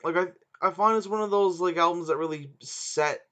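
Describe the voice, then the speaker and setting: A man co-hosts a casual podcast chat, hesitating and searching for words. His high voice is brisk and sharp, and the recording has a dull, lo-fi sound.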